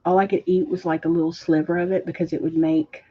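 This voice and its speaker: A woman hosting a casual livestream, reading viewer comments aloud and chatting with a husky voice. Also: fairly low pitch, level tone, fast talker. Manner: chatty, laughs often, reads chat aloud. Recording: dull lo-fi stream audio.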